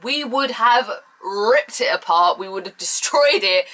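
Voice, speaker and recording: Bright-voiced, blunt British woman. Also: mid-range voice, expressive, unhurried, poor audio. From United Kingdom. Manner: blunt, sarcastic and opinionated. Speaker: show reviewer. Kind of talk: casual solo review.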